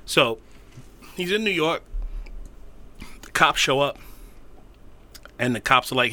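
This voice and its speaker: Animated, bright-voiced man telling stories. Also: mid-range voice, a little slow, pauses often. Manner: animated storytelling, swearing, laughing, acting out quotes. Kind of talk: casual profane chat.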